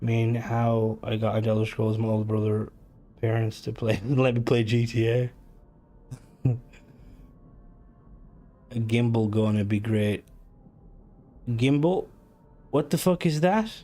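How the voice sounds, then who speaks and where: A man streaming and chatting casually, rambling with lots of fillers, restarts and swearing. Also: medium pitch. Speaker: game streamer. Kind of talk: casual live-stream chat.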